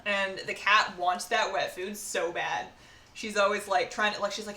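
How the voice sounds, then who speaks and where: A woman's voice: mid-range voice, steady tone, moderate pace, pushed and bright. A woman streamer chatting casually while she bakes at home, rambling from one aside to the next. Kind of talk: casual live-stream chat while baking. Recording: roomy echo, faint background noise.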